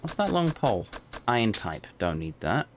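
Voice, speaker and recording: A man's voice: on the low side, big pitch swings, moderate pace, slight background noise. Dry-joking male let's play host. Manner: dry, joking, muttering to himself. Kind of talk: casual gameplay commentary.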